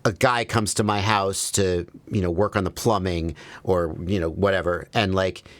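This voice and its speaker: Casting: low-voiced American man, relaxed stream host, dry close mic, lively storyteller. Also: normal speed, dry recording. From American South. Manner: animated storyteller, jumps high on quoted asides. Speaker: livestream host. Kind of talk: casual livestream chat.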